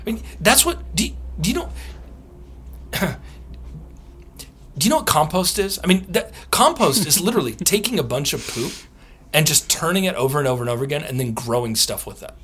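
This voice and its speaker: A man, a theologian and author, answering podcast interview questions with lively storytelling, often laughing and acting out what others said. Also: a little high, fairly quick, pauses often, breathy edge. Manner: animated, laughs often, acts out quotes.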